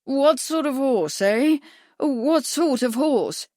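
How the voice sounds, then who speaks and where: A woman voicing a gruff, crafty, hard-of-hearing old male doctor who asks brusque, clipped questions. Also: on the high side, unhurried, dry recording, clean studio sound, lightly acted.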